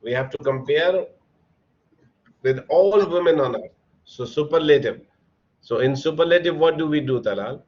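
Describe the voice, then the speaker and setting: Pausing often, a man with a slightly high, darkish voice teaches English grammar online at a normal speed. He explains patiently and spells words letter by letter. Sound comes through his computer mic on a video call, dull and lo-fi.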